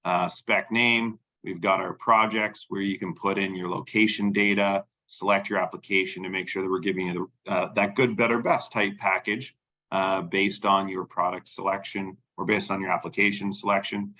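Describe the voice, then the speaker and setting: Low-voiced man hosting a webinar, lo-fi. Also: level tone, moderate pace, bright, forceful tone. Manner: casual, filler-heavy. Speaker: webinar host. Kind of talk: webinar hosting and software demo.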